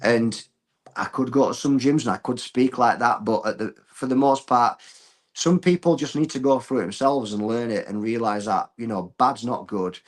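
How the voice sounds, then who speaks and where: Blunt, earthy martial arts coach. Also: male voice, mid-range voice, moderate pace. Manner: animated storyteller, blunt and earthy. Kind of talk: casual podcast chat.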